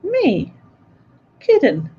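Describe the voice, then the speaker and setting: A woman's voice: high-pitched, wildly swooping pitch, very slow. A woman hosting a livestream in a casual chat, giggling often between remarks. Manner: giggly, chatty, laughs often. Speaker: livestream host. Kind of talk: casual chat reading live comments. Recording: dull lo-fi stream audio.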